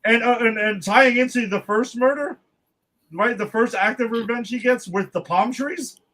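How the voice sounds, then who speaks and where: A man's voice: very high-pitched, moderate pace, bright, forceful tone, poor audio. A man co-hosting a casual movie review podcast, sounding exasperated, swearing and rambling with restarts. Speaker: podcast co-host.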